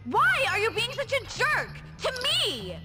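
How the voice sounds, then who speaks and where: A woman's voice: very high voice, wildly swooping pitch, measured pace, bright, forceful tone, exaggerated voice. A woman voicing teenage schoolgirl characters in a video game, with a sing-song teasing manner, over game music. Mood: annoyed.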